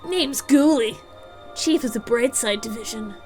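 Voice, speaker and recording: Pompous male ghost cop chief, condescending and slow-spoken, voiced by a woman streamer. Video game voice. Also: on the high side, over music, natural voice. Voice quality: blustering, condescending, calls people son.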